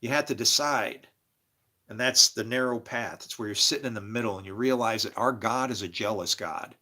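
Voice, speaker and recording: A man giving a rambling spiritual monologue, an animated storyteller. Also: fairly low pitch. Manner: animated storyteller, acts out quoted voices.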